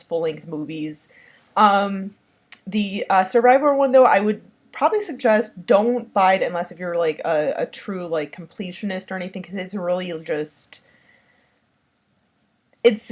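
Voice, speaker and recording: A woman reviewing a horror film in casual talk. She rambles and gushes, with constant fillers like "like" and "um". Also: lowish voice. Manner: rambling, heavy use of "like" and "um"; enthusiastic, gushing.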